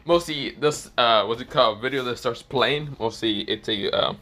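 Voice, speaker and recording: A young man narrating an improvised fan story off the cuff, rambling and casual, swearing freely. His voice is bright and clear, and he keeps circling back on the same filler phrases. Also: medium pitch, moderate pace. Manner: rambling, casual, swears, repeats "this is where, well".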